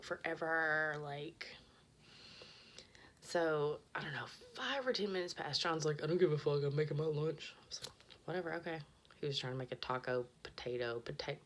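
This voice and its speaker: A woman's voice: sits low, fairly bright tone, slight background noise. A woman hosting a podcast, telling a story in a casual, rambling way with lots of swearing, often dropping to a whisper as she retells it. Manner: profane, rambling, drops to a whisper when retelling. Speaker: podcast host.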